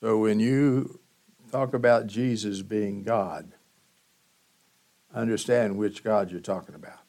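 A man preaching a sermon as pastor, teaching slowly and emphatically with dramatic pauses. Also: on the low side, darkish tone.

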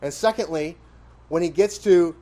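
A man's voice: on the high side, moderate pace, warm tone. A man preaching an expository sermon in a conversational style, questioning his listeners and pressing points with emphatic rises. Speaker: pastor.

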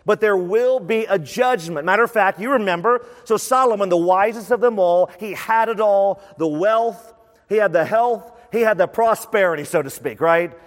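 A man preaching a sermon as a pastor, lively and conversational, repeating words for emphasis. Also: sits high, moderate pace. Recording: long reverb of a large hall.

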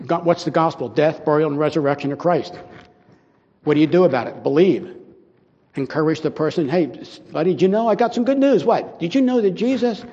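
An older man gives a loose, chatty sermon with a fairly high voice, wandering off track and playing out short exchanges with made-up listeners. The sound is dull and muffled and rings in a long hall echo. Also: a little mellow. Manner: rambling, conversational, acts out little dialogues. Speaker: preacher. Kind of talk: informal sermon.

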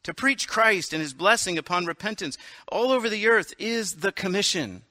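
A blunt, passionate aristocratic noblewoman, as a man puts her on while reading a story aloud, her lines raised and bright. She speaks with fervent, emphatic conviction. The sound is close and dry. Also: on the high side, animated, moderate pace, no room sound.

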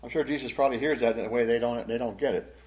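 A man teaching a Bible study in a conversational, animated style, acting out the quotes he reads. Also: mid-range voice, rapid-fire.

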